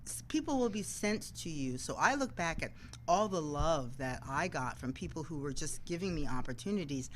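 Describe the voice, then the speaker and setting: A woman's voice: sits low, normal speed, a little hiss or hum, low-quality recording. A woman who works as a TV news anchor, a guest in a casual interview, telling stories and acting out the voices of people she quotes. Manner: animated, acts out quoted voices.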